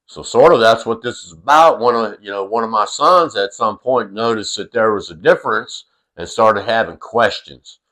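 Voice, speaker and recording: This middle-aged man's voice sits fairly low and sounds pushed and bright as he talks at a moderate pace. Telling a funny family tale casually, he wanders loosely, stumbling over fillers and restarts and swearing now and then.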